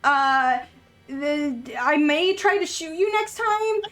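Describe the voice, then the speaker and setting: A woman's voice: high-pitched, expressive, takes it slowly, fairly bright tone, faint music behind, heavily acted. A woman voicing a nervous possessed man who stammers and keeps apologizing in a tabletop game. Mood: nervous, apologetic.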